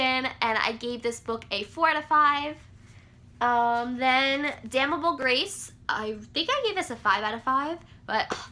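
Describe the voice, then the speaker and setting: A young woman chatting casually about books she read, gushing and excitable with lots of fillers. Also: sits high. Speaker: book vlogger. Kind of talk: casual book review chat.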